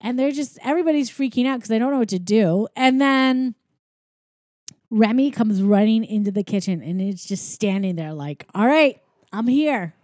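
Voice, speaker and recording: A woman's voice: a little high, normal speed, mellow, no echo, studio quality. A young woman in casual chat, animatedly retelling a story and acting out quoted lines. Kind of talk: casual movie recap chat.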